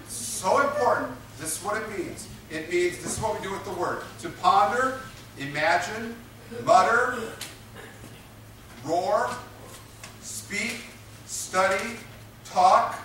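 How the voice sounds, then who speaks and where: A man's voice: high voice, bright, forceful tone, slight background noise. A man preaching a sermon, emphatic and repetitive, drawing responses from his congregation. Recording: echoey room picked up from a distance.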